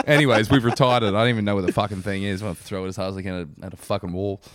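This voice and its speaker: A man's voice: fairly low pitch, steady tone, very fast, dry recording. A young man co-hosting a podcast in casual, sweary banter, laughing often and reading out a story. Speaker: podcast co-host.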